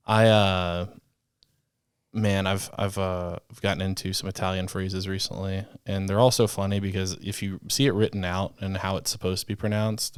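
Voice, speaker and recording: A man with a very low voice co-hosting a casual podcast. He rambles through explanations, thinking aloud as he goes, and the sound is close and dry with no room echo. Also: clean tone. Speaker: podcast co-host. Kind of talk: casual chat.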